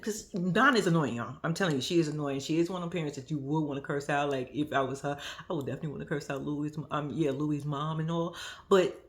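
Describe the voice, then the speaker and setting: A young woman talks through a reality-show episode in loose, profane commentary. Her pitch swings all over as she laughs and acts out the people she quotes, and then she drops back to flat asides. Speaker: reaction vlogger.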